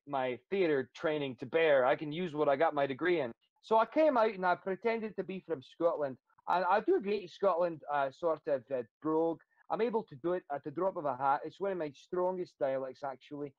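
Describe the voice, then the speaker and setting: A man who does stand-up comedy, chatting casually in an interview and telling rambling, animated stories with fillers. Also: fairly high pitch, dry recording, dull audio.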